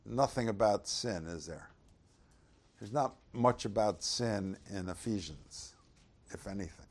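A man preaching a conversational sermon, reading scripture aloud with loud swells and asking the audience rhetorical questions. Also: lowish voice, measured pace. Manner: loud dramatic swells when reading verses.

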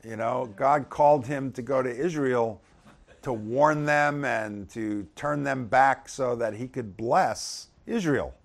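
A man's voice: mid-range voice, takes it slowly. A man leading a casual Bible teaching, talking conversationally and turning emphatic when he reads the verses aloud.

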